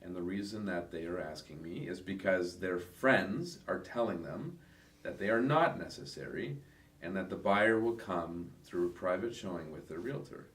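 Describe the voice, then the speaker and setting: A man's voice: sits low, lively intonation, normal speed, a bit bright. A man co-hosting a casual real estate podcast, explaining at length in a conversational way. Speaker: real estate agent co-host. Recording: echoey room, mic far off.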